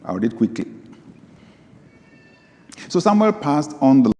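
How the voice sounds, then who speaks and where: A man preaching a sermon as pastor, reading scripture aloud, moving from low asides to sudden high, emphatic bursts. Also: big pitch swings, slow pace, darkish tone. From Nigeria. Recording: long hall reverb.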